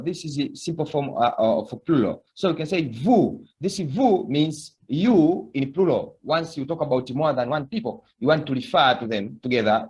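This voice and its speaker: A man's voice: on the high side, a little mellow. A man teaching a beginner language lesson, patiently repeating words for students to echo. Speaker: French teacher.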